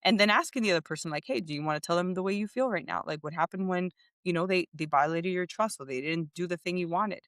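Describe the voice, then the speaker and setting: A woman's voice: lowish voice, fast, few pauses, fairly bright tone, no echo, studio quality. A woman co-hosting a parenting podcast, talking casually and animatedly, often laughing as she tells stories. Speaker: podcast co-host. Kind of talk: casual chat.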